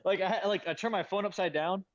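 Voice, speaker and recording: Brief: quick, lively guy, bit high voice, swears, muffled call audio. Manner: animated, fast storytelling, profane. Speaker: guest. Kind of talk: casual chat on a live audio call.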